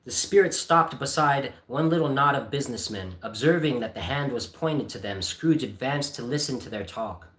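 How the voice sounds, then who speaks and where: A man reading a classic novel aloud on a livestream at home, with casual asides and frequent throat-clearing. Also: medium pitch, lively intonation, normal speed, hardly any pauses, a bit bright. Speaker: channel host, reader. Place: home by a Christmas tree. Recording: roomy echo.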